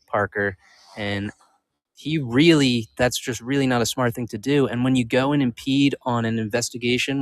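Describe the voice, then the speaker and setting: A man's voice: mid-range voice, no echo. A man defends his view as a guest on a debate stream, speaking in a mid-range voice. He hedges, hesitates and keeps restarting his sentences. The sound is dry and close. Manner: halting, hedging, restarting often.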